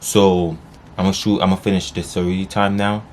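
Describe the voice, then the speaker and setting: A man vlogging, wrapping up a story time in a casual, cursing way with sudden high yelps. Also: level tone, fairly quick, a little mellow, slight background noise. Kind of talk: story time, then sign-off.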